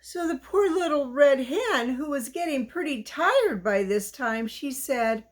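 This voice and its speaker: Gentle woman storyteller for children, high and lively in pitch. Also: measured pace, hardly any pauses. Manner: gentle, sing-song, speaks to children. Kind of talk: reading a children's story aloud.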